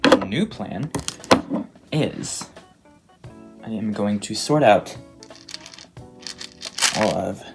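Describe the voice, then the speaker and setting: A woman's voice: a bass voice, expressive, very slow, long pauses. A young woman chatting casually as a crochet vlogger, rambling with lots of ums and likes. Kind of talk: casual vlog chat. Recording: voice over clear background music.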